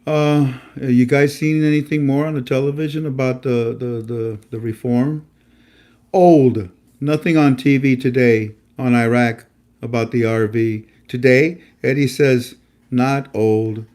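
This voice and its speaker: Man, host, casual monologue, mellow tone, emphatic, preachy, stammering. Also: medium pitch, steady tone, measured pace. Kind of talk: casual live-stream monologue.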